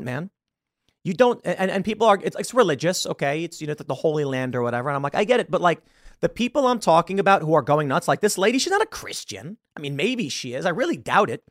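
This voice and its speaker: Animated man ranting on a podcast. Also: a little high, no echo, studio quality. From United States. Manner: animated, exasperated, laughs often, repeats words. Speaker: podcast host. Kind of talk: opinion commentary rant.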